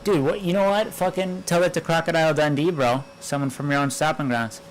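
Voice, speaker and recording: A man's voice: a little high, steady tone, fairly quick, poor audio. A man hosting a gaming stream, chatting in a joking, brash and profane way. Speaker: streamer, host. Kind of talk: casual gaming chat. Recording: game music behind. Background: game music.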